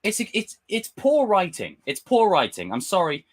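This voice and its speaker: On a desk mic with camera, a young man streams live at a normal speed in a high-sitting voice. He's an animated, ranting fan who chats casually and swears often.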